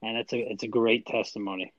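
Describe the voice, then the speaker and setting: A man's voice: lowish voice, level tone, quick pace, no echo, highs cut off. A man co-hosting a podcast, giving earnest, faith-driven encouragement. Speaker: podcast co-host. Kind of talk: casual podcast chat.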